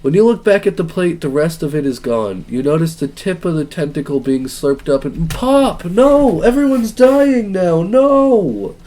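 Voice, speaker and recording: A young man streaming a dating game, reading it aloud with excitable, joking reactions. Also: fairly high pitch, a little slow, few pauses.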